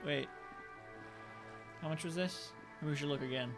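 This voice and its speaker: A man's voice: on the high side, unhurried, over music. A man casually commenting while streaming a video game, muttering asides and reading on-screen text aloud. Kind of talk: casual let's-play commentary.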